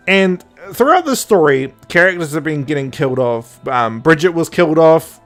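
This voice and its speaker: A man's voice: a little high, a bit bright. A young man co-hosting a podcast, rambling and sarcastic in casual chat, laughing often. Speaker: podcast co-host.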